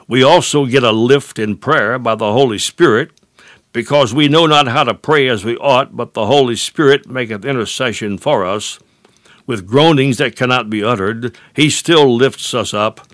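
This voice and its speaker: A man preaching a sermon, slow and emphatic, leaning hard on drawn-out words. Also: medium pitch, a bit bright, no echo, studio quality.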